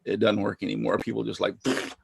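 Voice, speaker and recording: A laid-back man with a gravelly, husky voice chats and laughs easily on a live stream. His voice sounds close and dry, with no room around it. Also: medium pitch, moderate pace, no echo. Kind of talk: casual chat on a live stream. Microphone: video call.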